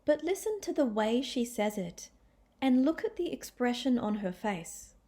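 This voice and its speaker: A woman teaching an English lesson, speaking in a clear, deliberate way and demonstrating different tones of voice. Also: a little high, big pitch swings, dark tone. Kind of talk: scripted lesson narration.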